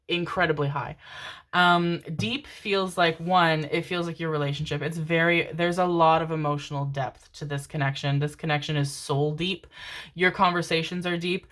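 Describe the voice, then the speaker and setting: A woman's voice: deep voice, a bit bright. A woman giving a channeled tarot reading, calling listeners "my darlings," swearing casually and murmuring repeated syllables while she tunes in. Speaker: tarot reader.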